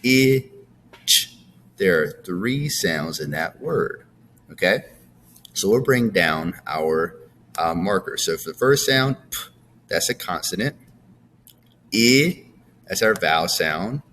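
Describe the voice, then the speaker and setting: A man's voice: deep voice, animated, measured pace, fairly bright tone, a little hiss or hum. A man teaching a phonics lesson to young students, patiently drilling words and checking in with "all right?".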